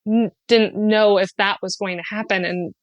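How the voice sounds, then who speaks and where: A woman guest on a podcast telling a personal story in an earnest, heartfelt way, sliding into lively acted-out quotes and laughs, with many fillers. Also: mid-range voice, normal speed, no echo. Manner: animated when acting out quotes, often laughing. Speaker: podcast guest, spiritual guide.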